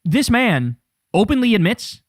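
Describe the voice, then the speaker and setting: A man's voice: sits high, big pitch swings, unhurried, no room sound, clean studio sound. A man hosting a political commentary show, ranting in a profane, sarcastic, fired-up way.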